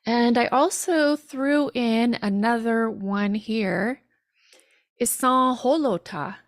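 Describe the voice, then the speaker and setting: A woman leads a live-streamed language class. She speaks in an unhurried, drawn-out way and keeps things chatty, laughing now and then at how phrases translate. The sound is dry and close, with almost no room around her. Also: on the high side, dry recording. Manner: chatty, laughs at literal meanings. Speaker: language teacher.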